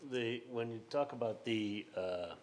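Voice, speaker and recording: A man asking questions at a public meeting, halting and searching for words. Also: mid-range voice, slight background noise.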